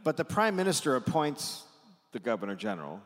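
Sex: man. Role: comedy podcast host. Style: live comedic history storytelling. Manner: lively swings in pitch, casual swearing. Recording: live stage, long hall reverb. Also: a little fast. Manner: animated, swears casually, dry asides.

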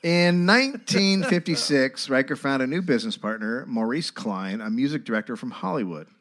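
Brief: mid-pitched male podcast host, reading documents aloud. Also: lively intonation, moderate pace, fairly bright tone. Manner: reads documents aloud, often breaking into laughter. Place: live podcast stage.

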